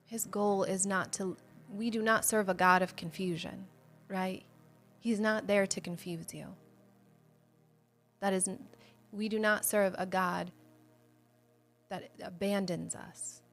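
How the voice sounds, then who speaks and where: A woman's voice: mid-range voice, fairly even intonation, slow, pauses often, soft background music. Earnest woman teaching a devotional livestream. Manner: earnest and conversational, speaks straight to viewers; candid, shares personal faith struggles. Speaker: host of a Bible study show.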